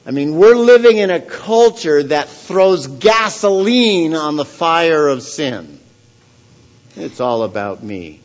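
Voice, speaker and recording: A man giving a sermon as pastor, earnest and questioning the congregation, swelling to loud emphasis on key points. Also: fairly high pitch, sing-song, slow pace, dull audio. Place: church.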